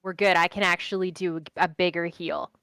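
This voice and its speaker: A woman's voice: fairly low pitch, steady tone, brisk, sharp tone, no echo, studio quality. A woman role-playing a healer at a tabletop game, cheerful and eager to help. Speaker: tabletop game player, cleric. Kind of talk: in-character role-play.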